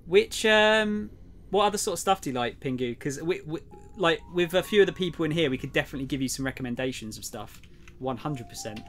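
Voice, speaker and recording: With faint music behind him, a young streamer greets his viewers and chats while gaming, going quiet and muttering to himself through the puzzles. He speaks fairly quickly, his voice on the high side and animated.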